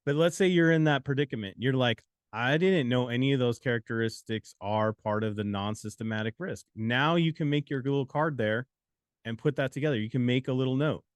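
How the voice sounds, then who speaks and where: A man's voice: mid-range voice, a little fast, clear, resonant tone, no room sound, clean studio sound. Joking, encouraging man co-hosting a study lesson. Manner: joking, encouraging, sums up the teaching point. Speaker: exam prep co-host. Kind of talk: live-streamed exam study lesson.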